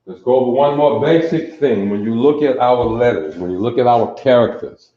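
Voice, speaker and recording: A man's voice: mid-range voice, normal speed. A man with a Detroit accent teaching a class at a board, repeating phrases and checking that everyone is following. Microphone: camera mic, sometimes far away. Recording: echoey dull room recording.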